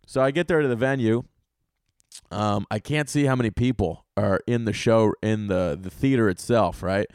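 Young guy comedian riffing solo on his podcast, swears a lot, gets loud in bursts, dry close sound. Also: fairly low pitch, normal speed, smooth, no room sound. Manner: profane, rambling comic storytelling. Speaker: podcast host and stand-up comedian.

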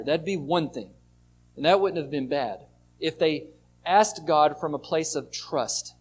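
A man's voice: on the high side, a little hiss or hum. Man preaching a conversational sermon. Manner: conversational preaching, reads scripture aloud with lively shifts in loudness. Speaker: pastor.

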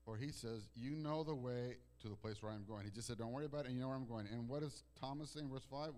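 A male pastor preaches in a chatty, storytelling way. His voice sinks to hushed, tender lines and then climbs to loud, fervent bursts. He often restarts his sentences as he talks to the congregation. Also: mid-range voice, fast, hardly any pauses. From Italian heritage. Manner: swings from soft hushed lines to loud emphatic outbursts, with restarts. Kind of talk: sermon.

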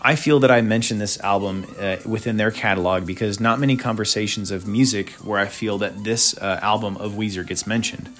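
A man's voice: fairly low pitch, steady tone, fairly quick, hardly any pauses, fairly bright tone, soft background music. A man hosting a casual podcast, talking through albums in a laid-back, chatty way with lots of filler uhs and opinionated asides. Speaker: podcast host. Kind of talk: casual music review monologue.

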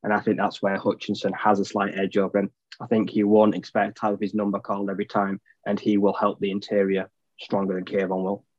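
A man's voice: lowish voice, completely flat delivery, a little fast, a little mellow, no echo, highs cut off. A man co-hosting a casual sports podcast, giving blunt, plain-spoken opinions. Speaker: podcast co-host.

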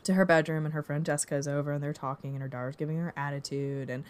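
Chatty woman with a smooth, low-ish voice. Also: racing. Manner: animated retelling with acted-out quotes; many "like" fillers. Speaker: podcast co-host reviewing a movie. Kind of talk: casual chat.

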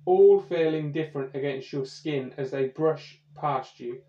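A man running a comedy tabletop game podcast as game master, narrating scenes slowly and deliberately. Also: a little high, warm tone. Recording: dull, echoey home-recorded podcast.

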